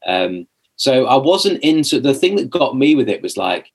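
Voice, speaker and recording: Man, young adult, husky voice, medium pitch, rambling casual storytelling, many fillers. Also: sing-song, moderate pace. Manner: chatty, rambling, many restarts and "like" fillers, acts out his own past lines. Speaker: podcast guest.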